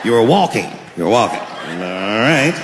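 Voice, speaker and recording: A man voicing a weary, skeptical veteran police officer who asks slow, deadpan questions. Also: lowish voice, pitched below the performer's own voice. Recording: echoey live venue with audience noise.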